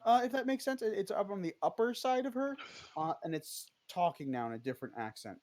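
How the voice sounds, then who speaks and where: A game master narrating a tabletop game in a relaxed, hesitant way, with many fillers. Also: mid-range voice, fairly quick.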